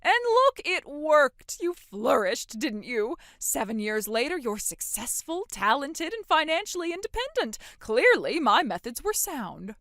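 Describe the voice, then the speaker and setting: A condescending, manipulative middle-aged mother, acted by a woman, with a lively pitch that swings high and low. Her voice sits a little above average and sounds dry and close to the mic. She talks down to her daughter in a dramatic voiced story. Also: measured pace, few pauses, no room sound, exaggerated voice. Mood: gushing. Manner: condescending, later gushing and pushy.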